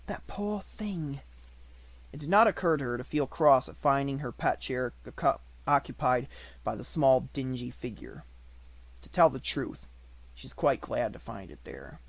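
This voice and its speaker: Expressive male audiobook reader, dry sound. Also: mid-range voice, creaky, dry recording. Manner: measured, expressive storytelling. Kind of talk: reading a novel aloud.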